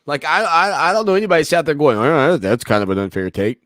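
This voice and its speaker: A man's voice: fairly high pitch, fast talker, fairly bright tone, dry recording. A man hosting a sports talk radio show, talking in a folksy, joking, rambling way, close on a studio mic.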